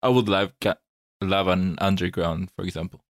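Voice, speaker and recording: A man with a fairly low voice talks earnestly about games as a podcast co-host. He reflects aloud and restarts his sentences as he thinks. The sound is close and dry, with no room around it. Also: steady tone, normal speed, no echo. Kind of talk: casual chat.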